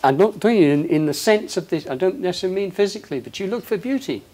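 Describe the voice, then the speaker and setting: A man giving an impassioned, emphatic inspirational talk to an audience, swinging between loud passages and hushed ones. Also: high-pitched, lively intonation, fast, slight background noise. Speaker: public speaker.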